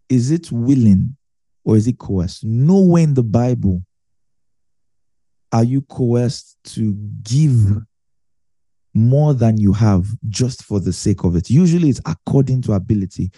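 A man's voice: fairly high pitch, mellow, dry recording. A man preaching a conversational Bible teaching, chatty and self-correcting, laughing often.

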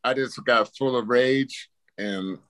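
A man with a mid-range voice, speaking slowly, tells a wild personal story as a podcast guest. It's casual storytelling, profane and animated, as he acts out his own reactions. There's no echo.

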